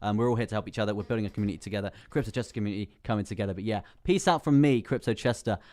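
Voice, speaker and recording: Speaking in a lowish, darkish voice at a racing clip, a young man hosts a relaxed crypto stream, calling out viewers' chat names, laughing a lot and using plenty of fillers as he chats.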